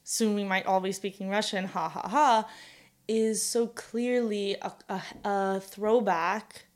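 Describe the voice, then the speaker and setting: A woman's voice: medium pitch, fairly even intonation, slow pace. Chatty young woman thinking aloud. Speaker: podcast co-host. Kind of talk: casual conversation.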